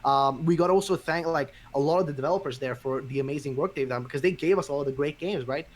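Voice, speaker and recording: A man's voice: fairly high pitch, fast talker. A man hosting a podcast in casual chat, ranting with lots of swearing. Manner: profane, ranting, animated. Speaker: podcast host.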